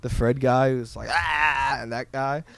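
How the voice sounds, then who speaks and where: A man's voice: medium pitch, little pitch movement, normal speed, vocal fry, smooth, no echo. Man, casual podcast chat, swears a lot, fillers, dry close mic. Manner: loose, profane storytelling with frequent filler words. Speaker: podcast co-host.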